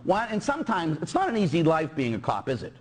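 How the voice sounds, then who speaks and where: A man's voice: fairly high pitch, wildly swooping pitch, fast talker, slightly rough. A middle-aged man from Pittsburgh, a Catholic priest preaching a sermon and joking with his congregation.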